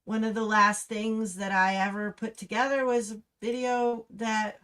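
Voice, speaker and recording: A woman's voice: fairly high pitch, level tone, unhurried. Impassioned middle-aged woman ranting on livestream. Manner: impassioned, ranting, rising to angry shouts. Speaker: livestream host. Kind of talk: livestream commentary over slideshow.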